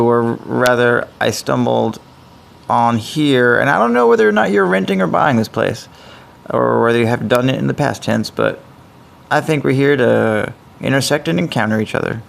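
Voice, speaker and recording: Folksy wandering bard, Southern drawl, gravelly edge; man putting it on. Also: medium pitch, moderate pace. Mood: rambling. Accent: put-on American Southern. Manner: drawling, meandering, jokey.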